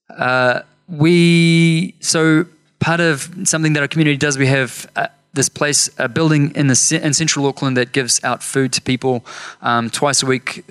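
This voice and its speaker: A man's voice: mid-range voice, a bit bright. A man preaching a sermon through personal stories, acting out the voices of people he quotes, with self-mocking asides. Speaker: pastor. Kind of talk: storytelling sermon.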